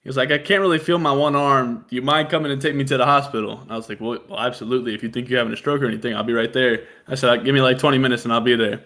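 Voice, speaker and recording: A man's voice: mid-range voice, steady tone, rapid-fire, hardly any pauses, bright, forceful tone. A young man co-hosting a casual podcast, telling a story with a swearing, self-mocking humor. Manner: storytelling, laughs at himself, swears freely. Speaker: podcast co-host. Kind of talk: casual chat.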